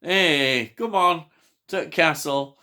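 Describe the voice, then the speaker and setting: A man's voice: fairly high pitch, slow, pushed and bright, voice pushed up. A man briefly voicing a coaxing, aristocratic middle-aged baroness in a film review.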